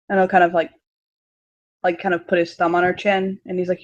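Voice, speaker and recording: A woman's voice: lowish voice, level tone, fast. A woman narrating as game master, giggly and full of fillers.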